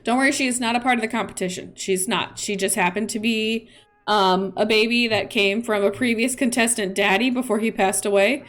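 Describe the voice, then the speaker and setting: A woman's voice: on the high side, fairly even intonation, brisk, fairly bright tone. A woman streamer chatting playfully through casual gameplay commentary. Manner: chatty, playful, with laughs and fillers.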